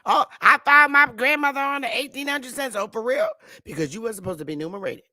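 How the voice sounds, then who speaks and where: A woman's voice: high-pitched, fast, pushed and bright, no echo, studio quality. A woman hosting a live stream, ranting with emphatic, profane talk and repeating the same rhetorical questions. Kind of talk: heated live-stream rant.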